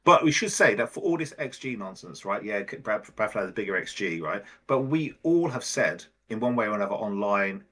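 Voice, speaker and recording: A man's voice: on the low side, very animated, brisk, hardly any pauses, bright, forceful tone, breathy edge. A man co-hosting a casual football fan podcast, blunt and opinionated, swearing casually. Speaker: podcast co-host.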